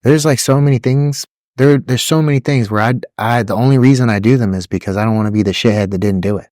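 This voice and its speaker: A young man, a podcast co-host, chatting casually, rambling through stories with frequent laughs and swearing, and mimicking yelling drill instructors. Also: mid-range voice, fast talker, no echo, clean studio sound. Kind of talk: casual chat.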